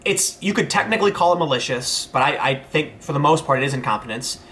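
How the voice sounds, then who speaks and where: Bright-voiced man rambling through viewer chat. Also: fairly high pitch, animated, fast, a little hiss or hum. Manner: rambling, frequent restarts and fillers. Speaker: host reading viewer chat. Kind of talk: casual livestream chat.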